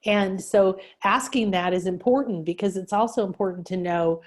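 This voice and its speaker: A woman's voice: mid-range voice, moderate pace. A woman hosting an interview, thoughtfully reflecting on her guest's story before asking a follow-up question. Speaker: host. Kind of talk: interview conversation.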